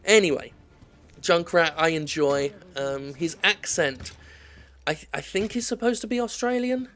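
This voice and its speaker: A man's voice: fairly high pitch, unhurried, a bit bright, slight background noise. A man giving rambling, sweary, self-deprecating commentary over his own gameplay, drifting off on tangents. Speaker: gaming video host.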